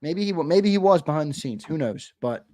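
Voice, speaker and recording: A man with a fairly high voice argues his sports opinions bluntly in a heated chat, hammering the same point home. The sound is dry and close, with no room around it. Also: expressive, normal speed, warm tone, no echo. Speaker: sports podcast co-host.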